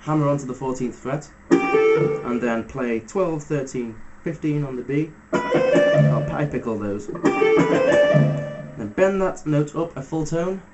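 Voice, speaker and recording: A man giving a casual step-by-step guitar lesson, talking through fret numbers in a relaxed way with fillers. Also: on the high side, slow pace, dull audio. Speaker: guitar teacher. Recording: loud guitar music under the voice. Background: electric guitar playing between phrases.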